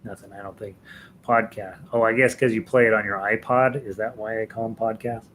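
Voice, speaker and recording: A man's voice: lowish voice, fairly even intonation, fairly quick, a bit bright, a little hiss or hum, low-quality recording. Rambling American man chatting with viewers. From United States. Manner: rambling, chuckles often, many fillers and restarts. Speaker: host of a live daily ukulele lesson stream. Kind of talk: casual chat greeting live viewers.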